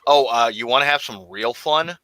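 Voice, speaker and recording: A man's voice: mid-range voice, moderate pace, sharp tone, dry recording, poor audio. A man from Florida chatting casually as a guest, rambling with many fillers and restarts. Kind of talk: casual livestream chat.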